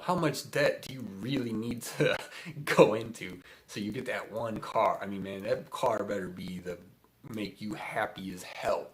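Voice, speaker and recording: Rambling, chuckling man, low voice. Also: a bit bright. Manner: rambling, chuckling, many fillers. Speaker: spiritual host. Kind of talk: casual spiritual livestream talk.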